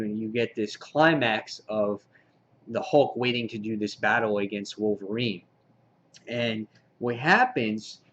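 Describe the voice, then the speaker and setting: A man giving a casual comic book review, with many "uh" fillers, getting excited as he retells the story. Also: on the low side, dull audio. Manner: frequent "uh" fillers, excitable retelling with quoted lines.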